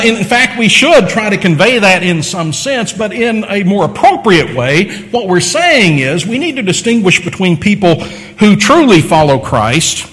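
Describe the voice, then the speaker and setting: A man preaching a sermon, teaching with lively emphasis and repeating phrases to drive points home. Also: sits high, big-room sound, low-quality recording. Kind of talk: sermon lecture.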